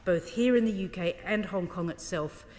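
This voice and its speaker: A woman's voice: fairly low pitch, moderate pace, a little mellow. A woman shadow minister giving a formal parliamentary speech, pressing pointed questions. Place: large debating chamber. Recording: reverberant parliamentary chamber.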